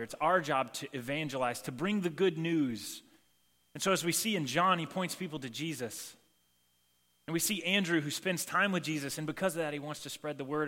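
A man preaching a sermon in a relaxed, conversational way, acting out the quoted lines as he goes. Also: mid-range voice. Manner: casual and animated, acts out quoted lines. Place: church sanctuary. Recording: long reverb of a large hall.

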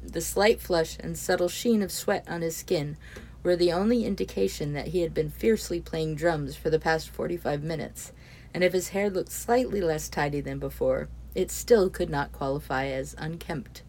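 A woman reading a story aloud as its narrator, steady and expressive. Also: deep voice, normal speed. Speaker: audiobook narrator.

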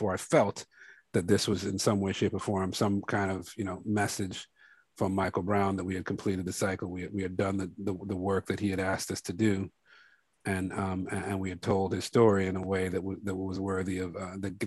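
A documentary filmmaker speaks in a very deep, level voice that rarely rises or falls. He talks slowly and thoughtfully, circling back with fillers and restarts. The sound is dry and close, with no room around it. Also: husky, no echo. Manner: reflective, halting, many fillers and restarts; grows softer and lower toward the end. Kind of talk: interview conversation.

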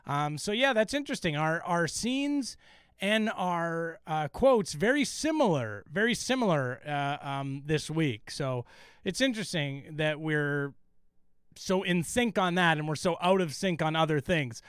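A man co-hosts a casual podcast recapping a TV show, talking with enthusiasm and plenty of swearing. His voice sits a bit high and comes through smooth and clear. The sound is close and dry, with filler words scattered through his talk. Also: lively intonation, measured pace, a bit bright, no echo. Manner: enthusiastic, profane, many fillers. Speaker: podcast co-host.

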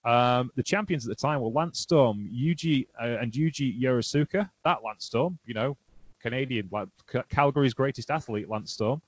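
A man hosting a casual wrestling podcast, chatty and animated, laughing often as he tells stories. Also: mid-range voice, moderate pace, breathy edge, no room sound. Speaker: podcast host. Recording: dry, dull lo-fi sound.

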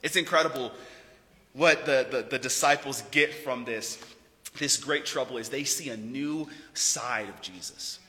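A man preaching a sermon as a pastor, talking in a casual, animated and joking way. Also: mid-range voice, a little slow. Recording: long hall reverb.

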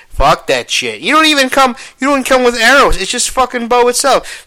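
Animated, profane young man ranting. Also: sits high. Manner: profane, animated, swings between mumbling and exclaiming. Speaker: podcast host. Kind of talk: casual rambling monologue.

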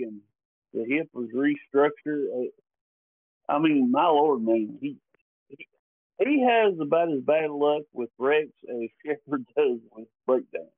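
A man's voice: mid-range voice, no echo. A man with an East Tennessee accent, co-hosting a podcast in an easygoing, joking way. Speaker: podcast co-host. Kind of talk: casual race recap commentary. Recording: thin phone-like line.

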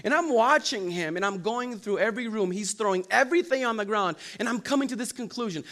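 A man's voice: high voice, fast, few pauses. A young man preaching a sermon in church, telling funny stories with lots of energy and acting out the quotes. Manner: animated storytelling, acts out quotes and jokes. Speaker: pastor. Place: church hall.

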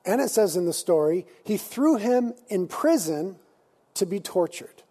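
A man preaching a sermon in an animated, conversational way, slipping into casual slang. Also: high voice, measured pace, slightly rough. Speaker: pastor.

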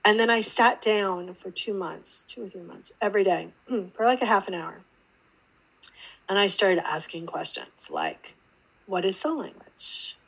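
A woman's voice: mid-range voice, measured pace, gravelly, slightly rough, rough recording. A woman guest on an interview podcast, telling her story casually and acting out the voices in it. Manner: animated, acts out quoted dialogue. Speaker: podcast guest, intuitive teacher.

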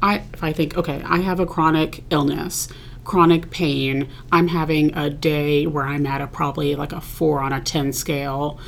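A woman hosting a podcast in casual chat, talking freely with many fillers and quick agreement. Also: low voice, steady tone, creaky. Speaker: podcast host.

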